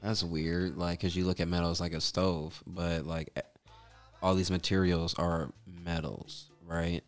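Brief: low-pitched male co-host telling loose, rambling stories, faint music underneath. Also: flat delivery, normal speed, smooth. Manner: rambling storyteller who acts out the people in his stories. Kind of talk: casual chat.

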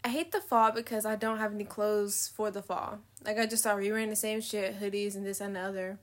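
A woman's voice: medium pitch, level tone, fairly quick. A young woman venting in a casual confessional vlog, candid, slangy and profane, trailing off mid-thought and laughing often. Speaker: vlogger.

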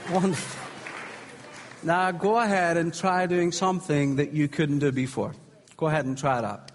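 A man's voice: on the high side, fairly even intonation, normal speed. Encouraging male preacher in an echoey hall. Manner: encouraging, gently humorous, calls out to the crowd. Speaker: preacher leading a healing service. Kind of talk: live sermon ministry. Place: large hall with congregation. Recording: echoey hall with faint crowd.

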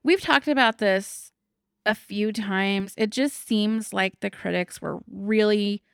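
A woman's voice: mid-range voice, slow pace, vocal fry, clean tone, no room sound, clean studio sound. A woman co-hosting a podcast, chatting casually and frankly, with some swearing. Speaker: podcast co-host. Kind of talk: casual chat.

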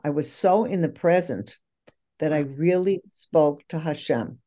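A woman with a lowish, mellow, relaxed voice talks as a guest in a casual conversation. She tells personal stories thoughtfully and earnestly. Her tone stays soft and warm rather than bright. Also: measured pace. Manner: reflective, earnest storytelling.

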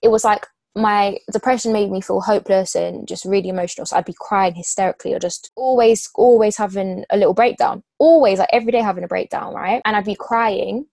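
A woman's voice: medium pitch, a little fast, gravelly, few pauses, darkish tone, dry recording. A young woman in her twenties talking openly and with emotion in a casual heart-to-heart chat. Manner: open, emotional, frank.

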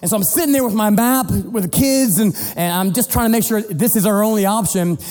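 A middle-aged man preaching as a pastor, telling a family story in an animated, playful way and acting out the voices. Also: sits high, a little fast. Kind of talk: sermon storytelling. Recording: long hall reverb with faint music.

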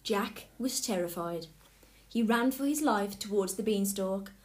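A woman reading a fairy tale aloud with expressive storytelling. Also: medium pitch, a little slow. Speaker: storybook reader. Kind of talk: scripted fairy tale narration.

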